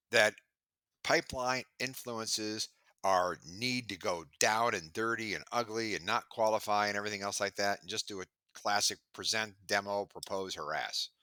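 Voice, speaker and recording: A man being interviewed about sales, talking in a lively way and acting out bits of dialogue, sometimes stammering as he restarts. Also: on the low side, normal speed, no room sound, studio quality. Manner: animated storyteller, acts out dialogue. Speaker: sales expert guest. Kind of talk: podcast interview.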